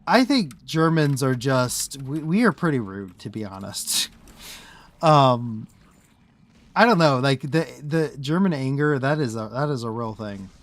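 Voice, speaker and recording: With a medium pitch and lively intonation, this man speaks unhurriedly on a recording with no echo. He's a Midwestern streamer talking casually through his gameplay, rambling, breaking off mid-thought and laughing frequently.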